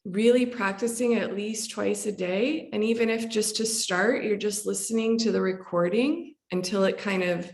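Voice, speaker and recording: A woman hypnotherapist explaining a calming practice in conversation, gentle and relaxed, with frequent fillers and restarts. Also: medium pitch, moderate pace, few pauses. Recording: echoey room.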